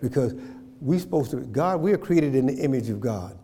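A man's voice: medium pitch, expressive, a little fast, warm tone, faint music behind. Preacher man in a reverberant church. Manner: call-and-response, repeats phrases, checks in with the congregation. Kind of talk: sermon.

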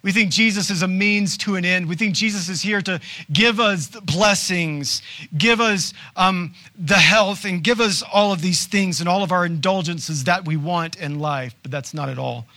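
A male pastor delivering a sermon with a bright, forceful voice pitched somewhat high for a man. He preaches conversationally, asking rhetorical questions and dropping quick asides.

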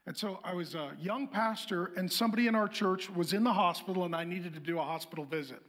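A middle-aged pastor with a high voice tells a funny testimony in a lively, self-mocking way. He breaks into acted-out dialogue as he goes. The sound is his own plain speaking voice. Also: fast. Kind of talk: humorous testimony storytelling.

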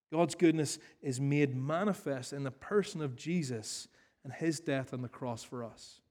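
A man's voice: a little high, warm tone. A male pastor preaching an earnest sermon, repeating key phrases for emphasis and then leading a prayer. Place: church hall.

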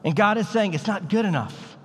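A man's voice: high-pitched, animated, brisk, a bit bright, slightly rough, in a large hall. A man preaching a sermon as a pastor, in a casual, conversational way with bits of slang. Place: church sanctuary.

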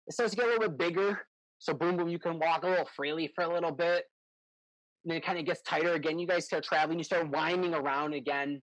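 A man's voice: a little high, a bit bright, no room sound, rough recording. A man running a tabletop game as game master, describing scenes in a rambling, self-correcting way.

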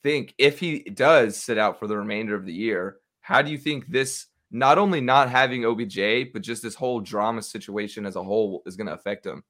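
A man's voice: on the low side, fairly quick, few pauses, fairly bright tone. A young man in casual, opinionated sports chat with a friend, swearing freely. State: hiccups.

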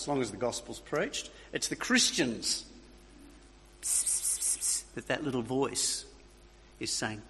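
A man's voice: medium pitch, expressive, slow, creaky, pauses often, bright, forceful tone, slight background noise. A man preaching a sermon, emphatic, repeating key phrases and checking in with his listeners. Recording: long reverb of a hall.

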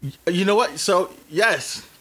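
A man's voice: high voice, a little slow, husky. A man in his early forties, co-hosting a casual chat, telling stories with lots of swearing and acting out the dialogue himself. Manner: animated storyteller, swears freely, acts out dialogue. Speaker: podcast co-host.

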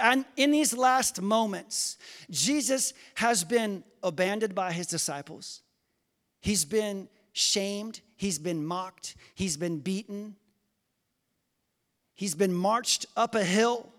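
A man preaching a sermon to his congregation, swinging between loud emphatic lines and quiet, slow scripture reading. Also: sits high. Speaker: pastor. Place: church sanctuary. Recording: long reverb of a church hall.

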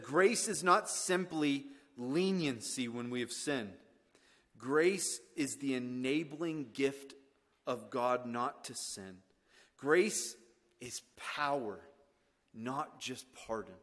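A man preaching a sermon as pastor, swinging from hushed lines to loud, emphatic ones. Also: medium pitch, slow pace. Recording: long reverb of a church hall.

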